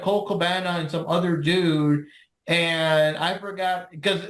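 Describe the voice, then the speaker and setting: A man's voice: sits high, fairly bright tone, echoey room. A man co-hosting a podcast, rambling in laid-back casual chat with many restarts. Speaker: podcast co-host.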